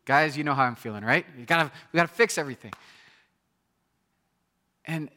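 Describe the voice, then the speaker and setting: A man in his thirties preaching a sermon in a conversational, animated storytelling way, often repeating his words. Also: on the high side, fairly quick.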